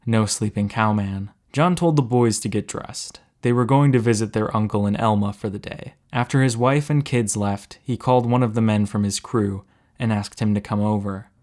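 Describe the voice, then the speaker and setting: Guy reading a spooky story out loud, lowish voice, steady and measured.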